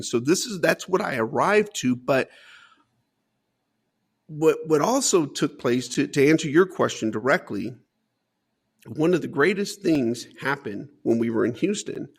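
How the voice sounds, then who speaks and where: A man's voice: a little high, animated, unhurried, slightly rough. A man as an interview guest, earnestly recounting his life story with emphatic repetition.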